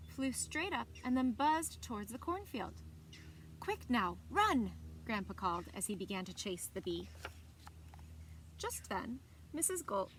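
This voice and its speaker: Animated woman reading a children's story. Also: a little high, slight background noise. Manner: expressive, animated. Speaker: librarian. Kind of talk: children's story time read-aloud.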